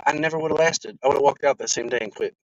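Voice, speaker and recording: A man's voice: medium pitch, fast talker, no echo. Man telling a profane story, dry sound. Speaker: vlogger. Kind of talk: casual storytelling. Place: car. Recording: dry, slightly dull sound.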